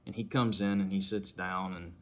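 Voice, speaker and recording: Deep-voiced man casually reviewing a film. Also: fairly even intonation, moderate pace. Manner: retells scenes conversationally, acting out lines in passing.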